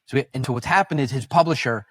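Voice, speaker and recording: A man who is a podcast guest, telling stories in an animated, rambling way, with restarts. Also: medium pitch, fast. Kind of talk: casual conversational storytelling.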